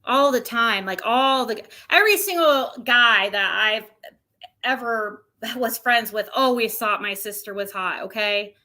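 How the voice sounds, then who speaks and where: A woman's voice: fairly high pitch, measured pace, pushed and bright. A woman streamer chatting casually to her viewers, rambling, with many restarts. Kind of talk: casual chat.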